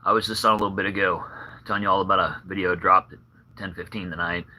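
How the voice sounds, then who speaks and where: A man's voice: low voice, fairly even intonation, quick pace, pushed and bright, slight background noise, rough recording. A man rambling casually on a live stream, slightly out of breath, with meandering talk full of fillers and restarts.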